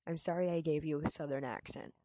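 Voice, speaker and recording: Young woman, podcast co-host, low pitch, profane, jokey, dry studio sound. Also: steady tone, fast, mellow, dry recording. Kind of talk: casual chat.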